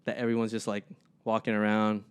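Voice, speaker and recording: A man's voice: fairly low pitch, brisk, clean tone. A young man, a podcast co-host, telling stories in a casual chat and acting out the people in them. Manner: animated, acts out people in his stories.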